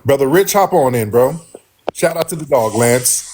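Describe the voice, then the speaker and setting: A man hosting a live stream, talking casually with loud laughter and profane banter. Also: mid-range voice, animated, moderate pace, slight background noise. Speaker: livestream host.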